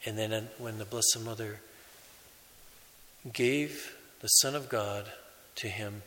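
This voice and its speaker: A man preaching a sermon as a priest, in a slow, measured way with pauses. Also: on the low side, a bit bright, in a large hall, slight background noise, low-quality recording.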